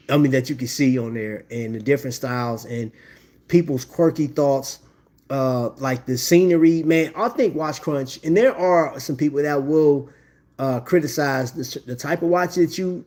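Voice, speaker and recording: A man talks loosely in his middle pitch as he hosts a live stream. He rambles in a friendly way and keeps dropping "bro" and "man" between his thoughts. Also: darkish tone. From Indiana. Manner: laid-back, chatty, says "bro" and "man" a lot. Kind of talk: casual live-stream chat.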